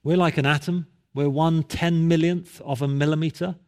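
A man's voice: on the high side, steady tone, moderate pace, darkish tone. A male pastor preaching a sermon, telling a story and building to emphatic repeated calls.

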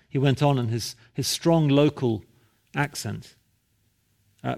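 A man's voice: mid-range voice, slow, vocal fry, pauses often, a little mellow. A male pastor preaching a sermon, telling a story and building to emphatic repeated calls.

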